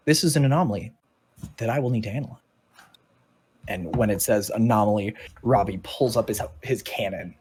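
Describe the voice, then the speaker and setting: Husky-voiced man narrating a tabletop game. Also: on the low side, darkish tone. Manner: casual, rambling with many fillers. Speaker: dungeon master.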